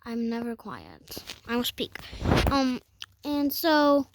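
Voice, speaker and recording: A woman's voice: fairly high pitch, big pitch swings, slow, noisy background. A woman telling a storytime vlog in a rambling way, full of fillers and self-corrections. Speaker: vlogger.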